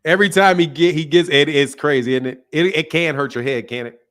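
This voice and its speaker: A man's voice: fairly high pitch, brisk, a bit bright. A man hosting a live boxing call-in show, blunt and profane, teasing his callers and laughing often. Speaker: boxing talk show host. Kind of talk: casual live call-in chat.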